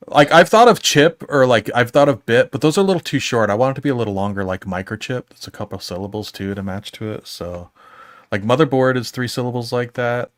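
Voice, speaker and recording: A man's voice: medium pitch, fast, no room sound, studio quality. A man in his forties, a comic book artist, talking through ideas in a rambling casual chat with chuckles between thoughts.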